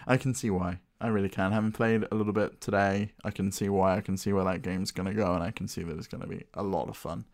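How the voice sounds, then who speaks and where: A man's voice: deep voice, fairly even intonation, fast, hardly any pauses, no room sound. A man co-hosting a podcast, chatting in an easygoing, wry way. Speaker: podcast co-host. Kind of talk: casual chat.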